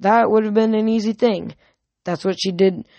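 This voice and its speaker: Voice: medium pitch, steady tone, moderate pace, dark tone, no room sound, muffled recording. A reader reading a novel aloud at home, stumbling over words and restarting now and then. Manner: amateur reading with frequent slips and restarts. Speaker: audiobook reader.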